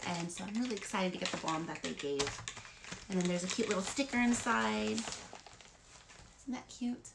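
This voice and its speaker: A woman's voice: mid-range voice, brisk, gravelly, noisy background. A woman vlogger chatting casually about free beauty products, rambling with frequent fillers. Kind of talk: casual haul chat.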